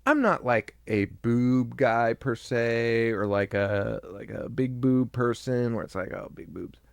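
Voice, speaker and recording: A man's voice: mid-range voice, slow, vocal fry, smooth, no room sound. A man co-hosting a horror podcast, recapping a movie in casual chat, joking, laughing often and acting out lines. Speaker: podcast co-host.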